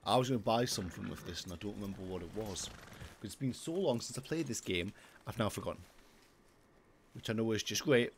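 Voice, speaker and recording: A man's voice: lowish voice, a little fast, background noise. A young man streaming a game, joking and easily startled. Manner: excitable, jokey, easily startled. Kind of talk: gaming livestream commentary. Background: game music.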